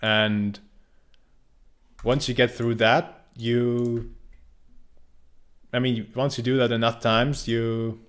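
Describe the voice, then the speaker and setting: A man's voice: mid-range voice, flat delivery, slow, long pauses. A young man casually commenting on his gameplay, rambling and joking, with frequent restarts. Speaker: game streamer.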